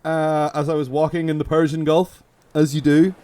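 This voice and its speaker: A man with a Belfast accent, co-hosting and riffing through a comic podcast bit. His voice sits a little high for a man, and he rambles, trips over restarts and keeps breaking into giggles. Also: level tone, moderate pace, dark tone. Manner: rambling, self-interrupting, giggly. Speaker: podcast co-host. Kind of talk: comedic improvised sketch chat.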